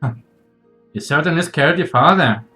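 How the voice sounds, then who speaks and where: A man's voice: a little high, lively intonation, moderate pace, pushed and bright, faint music behind. A man doing a teasing, secretive rogue uncle. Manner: teasing, offhand. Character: roguish elusive uncle, playful and secretive.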